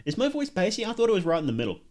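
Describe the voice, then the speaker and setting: A man's voice: high-pitched, huge pitch swings, rapid-fire, a little mellow. A man chatting casually as a streamer reacting to horror videos, joking and rambling, laughing often. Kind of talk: casual livestream reaction commentary.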